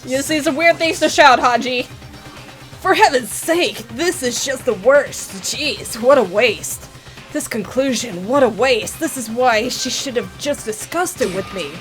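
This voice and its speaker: A woman's voice: sits high, lively intonation, unhurried, fairly bright tone, faint music behind. A woman hosting a let's play, reacting emotionally to a story game and swearing freely. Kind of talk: casual gameplay commentary.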